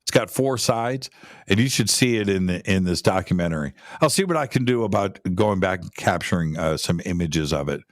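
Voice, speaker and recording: A man's voice: low-pitched, expressive, brisk, no echo, studio quality. A man talking casually about pyramids as a guest, rambling, repeating words and restarting his sentences. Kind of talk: casual conversational talk.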